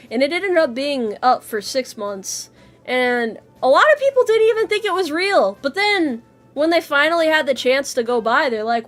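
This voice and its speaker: A woman streamer chatting casually with her viewers, playful, laughing often and swearing freely. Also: high-pitched. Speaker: VTuber streamer.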